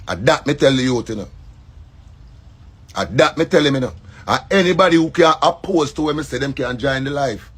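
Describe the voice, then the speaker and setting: A man's voice: medium pitch, lively intonation, fairly quick, long pauses, a bit bright, breathy edge. A man with a Jamaican accent, a comedian speaking in an emphatic monologue and repeating his points. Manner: repetitive, emphatic, preachy. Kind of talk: casual monologue.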